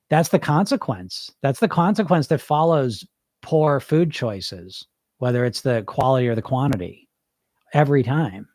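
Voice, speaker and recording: A man's voice: mid-range voice, expressive, moderate pace, darkish tone, no room sound. Blunt coaching man, dry close sound. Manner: informal and blunt, with rhetorical questions and mild swearing. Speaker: weight loss hypnosis coach. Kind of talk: live podcast talk answering listeners.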